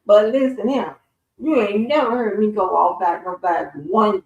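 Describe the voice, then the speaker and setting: A woman's voice: medium pitch, normal speed, muffled recording. A woman hosting a casual livestream, telling stories with lots of swearing and laughter. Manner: profane, laughing storyteller. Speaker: stream host. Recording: roomy, distant from the mic.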